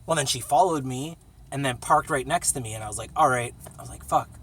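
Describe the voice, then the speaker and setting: A man's voice: mid-range voice, quick pace, fairly bright tone, slightly rough, recorded from a distance. A man telling casual, profane stories in a rambling vlog from a small cramped space. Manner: profane, laid-back storytelling with sung jingle. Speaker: vlogger.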